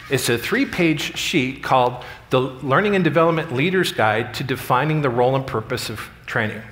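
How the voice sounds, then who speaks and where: A middle-aged man speaks from a conference stage and talks an audience through a workplace story in an earnest, plain way. His voice sits at an ordinary pitch for a man. A long reverb from the big hall trails behind each phrase. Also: a bit bright. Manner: earnest, story-driven, acts out quoted lines. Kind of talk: storytelling keynote speech.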